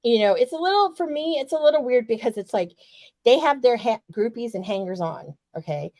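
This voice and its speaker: A woman's voice: on the high side, animated, a little fast, warm tone, dry recording. Fired-up, foul-mouthed woman chatting wrestling. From US West Coast. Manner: profane, fired-up and emphatic. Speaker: podcast co-host. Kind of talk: casual wrestling chat.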